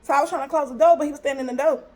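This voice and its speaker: A woman telling a personal story to her viewers in a casual, animated way, acting out the dialogue. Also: sits high, very fast. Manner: animated, retells scenes with quoted dialogue.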